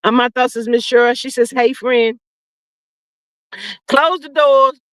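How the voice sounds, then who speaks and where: High-voiced sassy woman livestreamer. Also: fairly even intonation, measured pace, fairly bright tone, dry recording. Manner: drawling, sassy, preachy asides. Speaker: livestream host. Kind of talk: casual livestream commentary.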